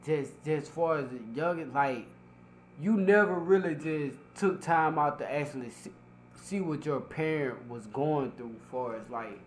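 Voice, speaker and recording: A man's voice: a little high, a little slow, reverberant, a little hiss or hum. A man co-hosting a casual podcast while he has the hiccups, talking loosely and profanely and repeating himself. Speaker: podcast co-host.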